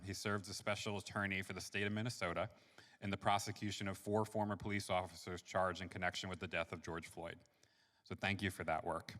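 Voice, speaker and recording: A man hosting an event, reading a guest's bio with admiring asides. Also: low-pitched. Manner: warm, admiring, reads then ad-libs. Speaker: event host. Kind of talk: reading an introduction. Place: church. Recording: reverberant church hall.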